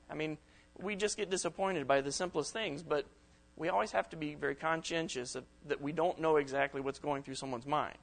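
A middle-aged man gives a sermon to young people at a camp. He keeps it chatty and acts out the texts and comebacks he describes. His voice sits a little high for a man. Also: a little fast, vocal fry. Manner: conversational, acts out quoted texts and reactions. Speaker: preacher.

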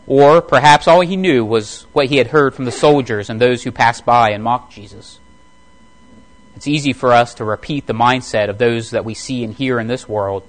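A man preaching a sermon in a measured, deliberate way, slowly reading scripture passages aloud and explaining them. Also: mid-range voice, poor audio. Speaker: pastor.

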